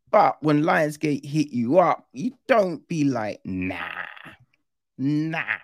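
Chatty man with a lively, swooping voice. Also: a little high, vocal fry, no echo, studio quality. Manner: chatty and animated, with frequent tag questions and slang. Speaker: film reviewer. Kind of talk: casual spoken film review.

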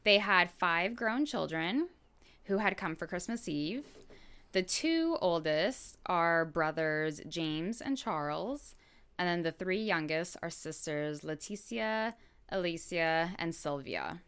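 Slow, smooth-voiced woman recounting a story. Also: on the low side. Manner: relaxed, with frequent fillers and asides. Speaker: podcast host telling a true crime story. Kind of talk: casual conversational storytelling.

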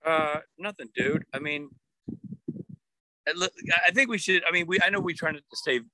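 A man's voice: fairly high pitch, sharp tone, no echo, poor audio. A man co-hosting a podcast in casual, playful chat, often restarting his sentences. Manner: playful, teasing, halting restarts. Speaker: podcast co-host.

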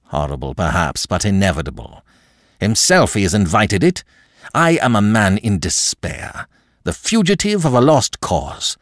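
A deep, icy marquis, as a man reads him aloud, clipped and menacing. The voice sits low and swings with feeling. It is recorded dry and close. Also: very animated, moderate pace, no room sound. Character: cold, desperate aristocrat marquis.

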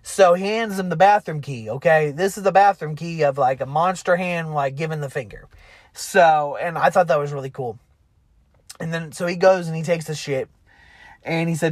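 A young man excitedly recapping a favorite film in a loose, rambling way, stumbling over restarts and fillers and cursing casually. His voice sits a little high. The sound is dry and close. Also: normal speed, dry recording. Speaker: movie fan retelling a film.

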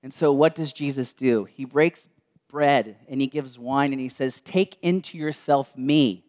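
Preacher, male, mid-pitched, reflective storyteller, slows down on key lines. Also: fairly even intonation. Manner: storytelling, slows and softens for quoted words. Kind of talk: sermon. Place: church.

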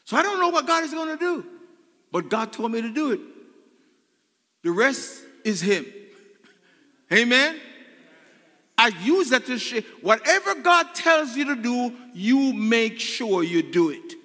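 Animated male pastor preaching in a hall. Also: very high voice, measured pace, long pauses. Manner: animated preaching, repeats phrases, asks the crowd "Amen?". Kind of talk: sermon. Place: church sanctuary. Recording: long reverb in a large hall.

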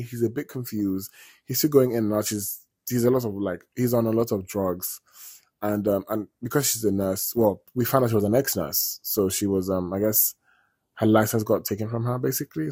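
A man's voice: lowish voice, normal speed, a little mellow, breathy edge, dry recording, clean studio sound. A man talking casually as a vlogger, retelling a story in a chatty, digressive way and swearing freely.

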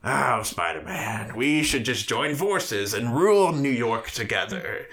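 A man's voice: medium pitch, sing-song, unhurried, a bit bright. A man voicing a scheming male goblin supervillain while retelling a movie scene, in a mocking offhand way.

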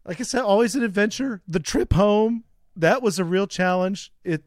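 A man in his thirties with a high-pitched voice talks at normal speed while co-hosting a podcast. Casual and chatty, he rambles through long stories with plenty of laughs, in a studio-quality recording without echo.

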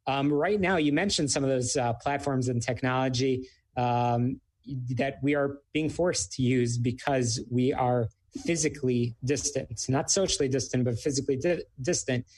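A man's voice: mid-range voice, normal speed, darkish tone. A man hosting a business talk show, interviewing a guest with many fillers and hesitations. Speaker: radio show host.

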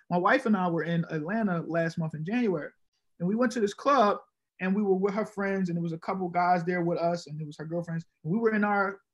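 A man talking as a podcast guest, telling stories casually and acting out the dialogue with lively energy. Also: high voice. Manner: animated, acts out quoted dialogue. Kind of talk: casual conversational storytelling.

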